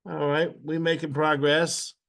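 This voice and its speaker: Slow, patient male drafting instructor. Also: fairly high pitch, level tone, gravelly, a bit bright. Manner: patient, repeats steps aloud. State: clearing his throat often. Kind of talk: step-by-step software tutorial.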